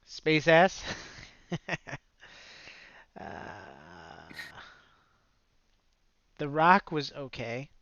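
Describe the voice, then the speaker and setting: A man's voice: fairly high pitch, animated, extremely slow, gravelly, pauses often, a bit bright, no room sound, dull audio. A man co-hosting a podcast in casual chat, blunt and opinionated, swearing freely and laughing often. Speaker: podcast co-host.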